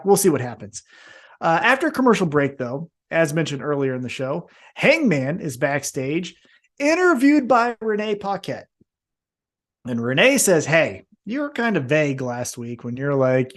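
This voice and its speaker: Animated, swearing male podcast co-host. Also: a little high. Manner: animated, swearing, acts out wrestlers in jumpy voices. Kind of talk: casual podcast chat.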